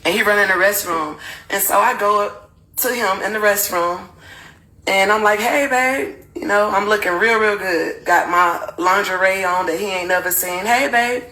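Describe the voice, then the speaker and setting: A woman's voice: mid-range voice, normal speed, rough recording. A woman telling her own story to viewers candidly and animatedly. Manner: animated, acts out quotes in raised voice.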